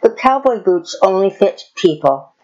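A kind, patient young cowgirl, put on by a woman reading aloud, sits higher than the reader's own voice. Her tone is slightly husky and coaxing. The recording sounds dull and lo-fi. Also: very animated, a little slow, a little mellow.

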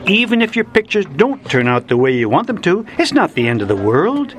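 An actor playing a kindly, patient mentor to children in a radio drama, gentle and given to chuckling. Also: male voice, high voice, sing-song, a little fast, slight background noise. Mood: reassuring. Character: kindly older shopkeeper mentor, gently teasing.

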